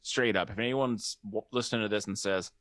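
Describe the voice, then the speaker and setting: A man's voice: lowish voice, brisk, no room sound. Joking young man, dry close sound. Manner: joking, animated. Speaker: podcast guest. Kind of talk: casual chat.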